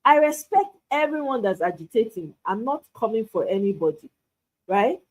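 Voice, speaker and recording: A woman with a Nigerian accent hosting a live stream, talking in an animated, rhetorical way and asking "why" again and again. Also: a little high, moderate pace, poor audio. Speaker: host.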